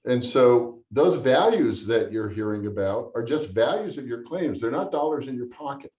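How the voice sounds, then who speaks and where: A man's voice: medium pitch, animated, normal speed, darkish tone. A man answering questions at a town hall in a blunt, sarcastic manner. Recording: roomy, distant, dull sound.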